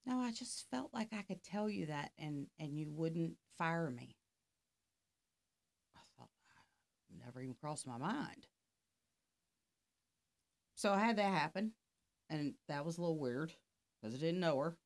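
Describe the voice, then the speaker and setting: A woman's voice: sits low, expressive, measured pace, vocal fry, long pauses. A middle-aged woman, a life coach, telling a story in casual conversation and acting out both sides of the dialogue. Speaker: podcast guest, life coach.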